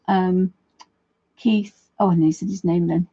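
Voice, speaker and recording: A woman demonstrates watercolour techniques on a live stream, talking casually and greeting viewers as she works. Her voice is mellow and a little husky, and she often restarts her sentences. The audio is dull and lo-fi. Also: medium pitch, unhurried. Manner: chatty, friendly asides to viewers, trailing restarts. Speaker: art tutor, livestream host.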